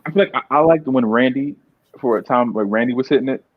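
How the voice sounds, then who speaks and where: A man's voice: medium pitch, quick pace, no echo. A young man talking as a podcast guest in casual chat, rambling and repeating words, laughing often. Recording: dull, muffled dry sound.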